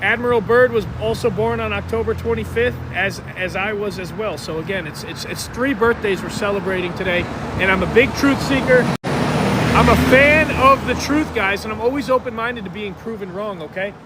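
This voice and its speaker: A man with a high, light voice hosts a live stream from a town square and talks straight to his viewers in an upbeat way. He is recorded on a phone outdoors, with clear street and traffic noise behind him. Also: normal speed. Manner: upbeat, addresses viewers directly, hypes the stream. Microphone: phone camera. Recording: noisy outdoor street sound.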